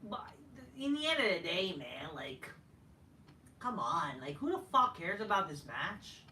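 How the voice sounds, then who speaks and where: A man rants through a wrestling review, swearing and waving things off with weary shrugs. His voice is bright, and it sounds a little far from the mic in a roomy, echoing space with faint noise behind. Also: a little high, very animated, a little slow. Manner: profane, dismissive, trailing off. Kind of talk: casual ranting review.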